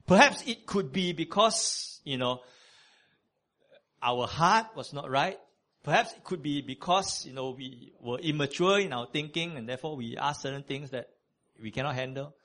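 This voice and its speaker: A man preaching a sermon, conversational and animated, with many fillers. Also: a little high, moderate pace.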